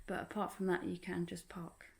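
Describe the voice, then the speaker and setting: A woman's voice: on the low side, level tone, normal speed, gravelly, a little mellow. Woman vlog co-host, casual chat, lots of fillers and laughs. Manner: chatty, laughs often, many fillers and restarts. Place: home in rural France.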